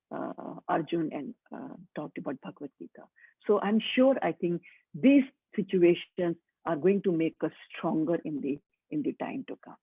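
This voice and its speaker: Husky Indian woman lecturing over a tinny line. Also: fairly low pitch, no echo. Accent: Indian English. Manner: earnest, urging, repeats key words. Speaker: mental health speaker. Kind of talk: motivational webinar lecture. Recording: tinny phone-like online call audio.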